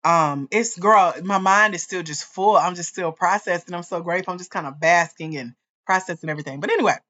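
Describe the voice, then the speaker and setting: A woman hosting a livestream as a grants coach, talking straight to her viewers in an excited, chatty way. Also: fairly low pitch, fairly quick, highs cut off. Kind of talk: casual livestream chat.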